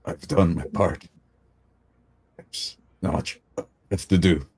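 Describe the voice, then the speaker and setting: A man voicing a frail, weary old male priest who speaks softly and falters. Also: sits low, steady tone, slow pace, slight background noise. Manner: faltering, soft, trailing off.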